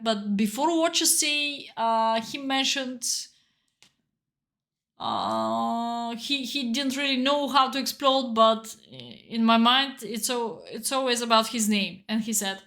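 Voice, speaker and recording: Bulgarian woman streaming chess, kinda emotional, earnest and encouraging, bit high-pitched. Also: a bit bright. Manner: earnest and encouraging, with broken non-native phrasing. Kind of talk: live stream chat while playing online blitz.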